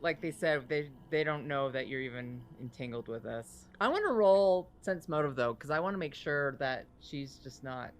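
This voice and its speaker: A woman playing a tabletop game who talks in an animated way and laughs often. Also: deep voice, moderate pace, hardly any pauses. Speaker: player. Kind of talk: casual tabletop play.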